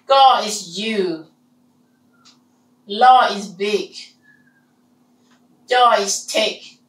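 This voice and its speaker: A woman teaching a language lesson, slowly repeating sounds and words for her students. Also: mid-range voice, roomy sound, far from the mic, rough recording. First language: Hmong. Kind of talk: slow online language lesson.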